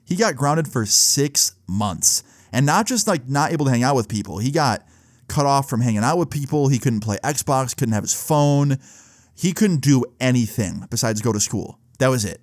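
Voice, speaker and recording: Young adult male, relaxed storyteller, slangy and profane, mid-pitched, dry close sound. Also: moderate pace, no echo. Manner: laid-back, filler-heavy with frequent "like" and swearing. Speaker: vlogger. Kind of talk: casual storytime.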